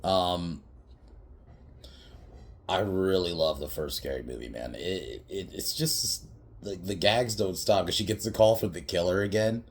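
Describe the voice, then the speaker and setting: A man's voice: deep voice, measured pace. A man casually recapping a comedy film on a podcast, rambling with lots of fillers, swearing freely and laughing often. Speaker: podcast movie reviewer.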